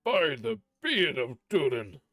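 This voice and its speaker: A man voicing a proud, furious male dwarf king in a storybook reading, with loud, drawn-out lines. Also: on the high side, big pitch swings, creaky, no echo, clean studio sound, faint music behind, full character voice. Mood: wrathful.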